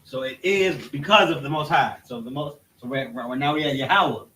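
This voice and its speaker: A man teaching a scripture lesson in a halting way, often restarting his sentences as he points things out on a board. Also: medium pitch, bright, forceful tone. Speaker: religious teacher. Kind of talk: classroom-style scripture lesson. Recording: echoey room, mic at a distance.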